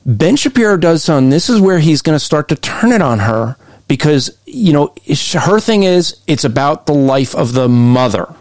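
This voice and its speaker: A man's voice: a little high, sing-song, moderate pace, hardly any pauses, darkish tone, dry recording, studio quality. Emphatic, argumentative male podcast host. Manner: emphatic, argumentative, often shifts pace. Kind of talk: commentary on played interview clips.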